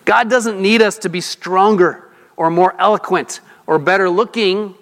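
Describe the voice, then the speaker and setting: A high-voiced man preaches a sermon in a loose, conversational way, often asking his listeners questions. His tone is bright and forward. The sound carries a long hall reverb. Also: a little slow. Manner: conversational, asks the congregation questions, restarts often. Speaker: pastor.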